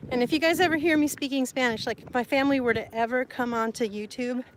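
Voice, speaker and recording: Woman from Sonora, Mexico, high voice, livestream chatter, light background hiss. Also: fairly even intonation, fast. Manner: chatty, laughs often, greets viewers, mixes in Spanish words. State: sweaty and hot. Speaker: livestream vlogger. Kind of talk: casual livestream chat.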